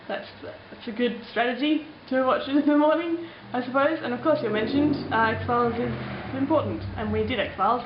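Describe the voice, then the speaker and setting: A woman's voice: on the high side, a little hiss or hum. Rambling Australian woman in an echoey room. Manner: rambling, chatty, playful, with many ums. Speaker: vlogger. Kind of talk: casual chat answering viewer comments. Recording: roomy, slightly dull home recording.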